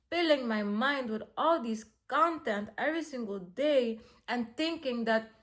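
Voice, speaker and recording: A young woman talks in a loose, rambling vlog voice, sitting slightly high in her range. She fills her sentences with little fillers and then slows into gentle, soothing self-affirmations. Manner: chatty, rambling with many fillers, drops to a soft calm tone for affirmations. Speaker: vlogger. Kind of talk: casual self-talk vlog.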